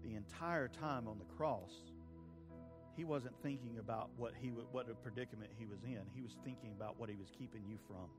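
A man preaching a sermon, swinging from hushed pleading to loud fervent peaks. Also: medium pitch, fairly quick, over music. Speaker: pastor. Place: church sanctuary with a congregation.

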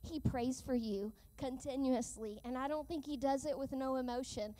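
A woman with a high voice delivers an earnest sermon. She speaks in a measured way and slows down to lean on key lines. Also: mellow. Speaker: preacher.

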